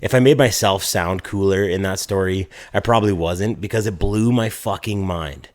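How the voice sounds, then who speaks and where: Low-voiced man telling an animated story. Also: normal speed. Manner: animated, swearing, heavy filler "like", laughs mid-story. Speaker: podcast co-host. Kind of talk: casual chat, storytelling.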